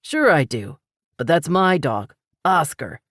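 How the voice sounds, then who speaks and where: A woman's voice: sits low, big pitch swings, slow pace, husky, dry recording, clean studio sound, exaggerated voice. A woman voicing a confused, nervous man who insists a dog is his, in an audiobook. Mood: defensive. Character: stubborn confused man defending a dog he claims.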